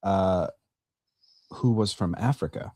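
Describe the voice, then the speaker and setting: A man from North Carolina, a guest on a casual livestream chat, telling stories in a relaxed way and laughing often. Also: sits low, takes it slowly, no room sound, studio quality. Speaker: guest co-host.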